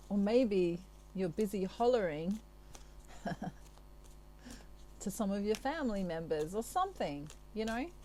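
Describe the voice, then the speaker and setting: A woman chats playfully to her viewers as a tarot reader, breaking into frequent giggles. She talks in an unhurried, mellow voice. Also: mid-range voice, animated, a little hiss or hum. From Australia. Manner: chatty, giggly, playful asides. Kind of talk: casual chat to camera.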